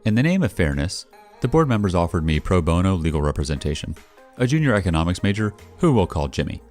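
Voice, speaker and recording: Deep-voiced man narrating with lively inflection. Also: fast. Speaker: story narrator. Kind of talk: first-person story reading. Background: faint background music.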